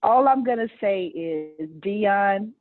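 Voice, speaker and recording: A woman's voice: mid-range voice, animated, slow pace. Woman, teasing and playful, on a thin phone-like connection. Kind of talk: casual group chat. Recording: tinny phone-like line.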